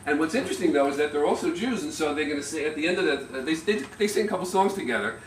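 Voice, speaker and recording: A middle-aged man gives an informal speech at a family gathering, a little nervous, telling anecdotes with stops, restarts and soft chuckles. He stands well back from the microphone, so his voice carries a roomy echo. There is a faint hum of ambience behind him. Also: fairly high pitch, animated, racing. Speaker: family member giving a speech. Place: party room, indoors. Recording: echoey, distant amateur room recording.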